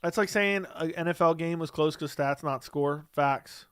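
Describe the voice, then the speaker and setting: Blunt streamer man, crisp dry voice. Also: on the high side, normal speed, fairly bright tone, dry recording. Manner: blunt, dismissive, argues back at chat. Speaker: livestream host reading chat. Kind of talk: casual livestream chat.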